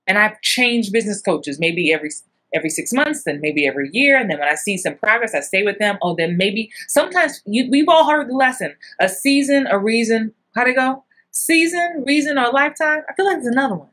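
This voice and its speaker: Animated woman acting coach. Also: fairly quick. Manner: animated, acts out little scenes with big jumps in pitch. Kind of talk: casual coaching talk.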